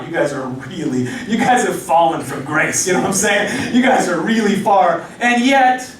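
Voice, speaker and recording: A male pastor preaching a sermon in a casual, animated storytelling way. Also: high-pitched, slight background noise. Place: church hall. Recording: echoey hall from far off.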